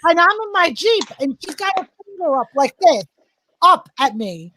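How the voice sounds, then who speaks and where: A woman's voice: very high voice, normal speed, background noise. A woman hosting a casual chat with friends, telling a crude story with lots of swearing and acting out the other people's lines. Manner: crude, lively, acts out quotes with voices. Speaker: podcast host telling a story. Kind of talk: animated storytelling among friends.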